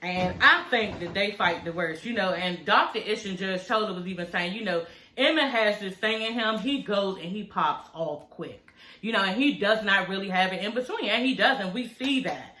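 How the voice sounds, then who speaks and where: Speaking at medium pitch and normal speed, a woman gives a lively, casual rundown of a reality show, full of slang and free swearing as she performs the quotes. The audio is poor and sounds roomy.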